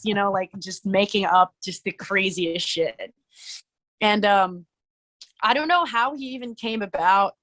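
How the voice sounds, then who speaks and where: A woman's voice: mid-range voice, measured pace, fairly bright tone. A young woman, a musician and podcast guest, telling a story in a rambling, casual way full of "like.". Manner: rambling, lots of "like" fillers, laughing. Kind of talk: casual interview chat.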